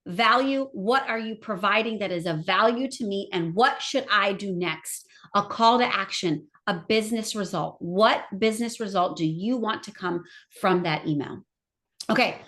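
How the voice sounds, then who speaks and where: A middle-aged woman giving an enthusiastic seminar talk on marketing, speaking straight to her audience. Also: mid-range voice. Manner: enthusiastic, animated, addresses audience directly. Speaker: marketing trainer. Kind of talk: live seminar presentation.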